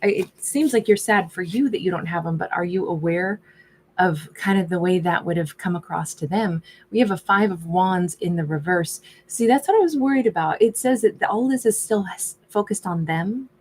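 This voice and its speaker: A woman's voice: on the low side, moderate pace, a little mellow, breathy edge. A woman giving a casual tarot reading, musing aloud in a chatty way and often voicing the subject's thoughts. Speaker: tarot reader.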